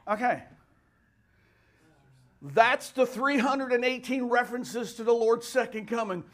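Male pastor, high voice, fervent sermon delivery with loud shouted peaks. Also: measured pace. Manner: fervent preaching, rising to shouts.

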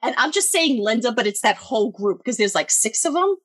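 A young adult woman telling a story in casual chat, animated and swearing freely. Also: a little fast, a little hiss or hum. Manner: animated, swearing, acts out quoted voices higher.

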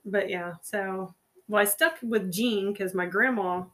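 A woman's voice: mid-range voice, unhurried, a bit bright. A middle-aged woman co-hosting a casual podcast, telling meandering anecdotes full of fillers. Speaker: podcast co-host. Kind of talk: casual storytelling chat.

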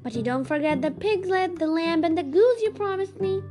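A woman's voice: extremely high pitch, normal speed, warm tone, soft background music. A woman voicing a clever, sly female fox in a storybook reading, knowing and a bit smug.

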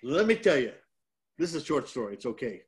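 An older former pro wrestler from Detroit, appearing as a chat show guest, tells a rambling story that pokes fun at himself. His medium-pitched voice swings widely in pitch, and he talks briskly in a casual storytelling manner.

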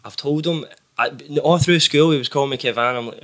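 Bright-voiced Glaswegian man, chatty. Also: on the high side, fairly quick. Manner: chatty storytelling, swears casually, laughs easily. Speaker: podcast guest, musician. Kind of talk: casual chat.

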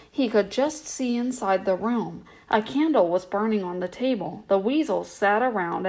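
A woman reading a children's bedtime story aloud in a gentle, steady way. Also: medium pitch, rough recording.

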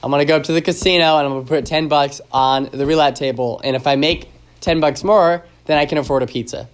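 A man with a somewhat high voice hosts a loose, casual podcast. He rambles and jokes his way through stories, and his talk is full of ums, uhs and restarts. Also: steady tone, fast. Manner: rambling and joking, with many fillers and restarts. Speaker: podcast host. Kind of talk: casual solo podcast chat.

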